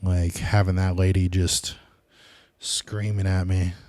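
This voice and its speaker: A man's voice: deep voice, level tone, slow pace, darkish tone, no room sound. A man hosting his own podcast, rambling loosely and casually in a solo monologue. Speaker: podcast host.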